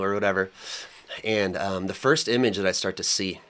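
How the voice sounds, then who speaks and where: A young man co-hosting a podcast, telling a story in a lively, colloquial way with lots of fillers. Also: low-pitched, moderate pace, smooth. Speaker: podcast co-host. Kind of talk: casual chat.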